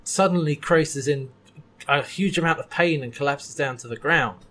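A man's voice: a little high, moderate pace, a bit bright. A man co-hosting a chat podcast, recapping a TV episode and acting out the characters' lines with laughs. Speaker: podcast co-host.

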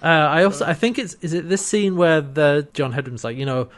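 Casual male co-host, slightly high voice, chatty and quick to laugh. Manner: chatty, laughs often, acts out quotes. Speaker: podcast co-host. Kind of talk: casual chat recapping a TV episode.

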